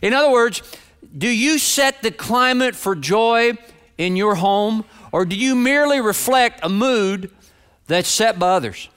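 A man's voice: high voice, a bit bright, clean tone. A man preaching a sermon to his congregation, earnest and direct, often repeating phrases for emphasis. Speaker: pastor.

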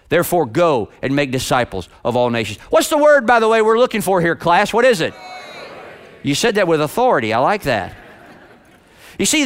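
A man preaching a sermon in a church, lively and rhetorical, stretching out key words for emphasis. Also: high voice, smooth. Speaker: pastor.

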